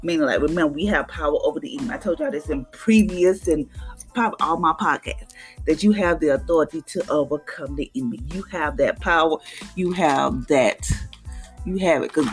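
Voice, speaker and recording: A woman's voice: low voice, brisk, soft background music. A woman hosting a podcast devotional, teaching in a casual, conversational way and acting out little voices. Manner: conversational, preachy, acts out voices with laughs.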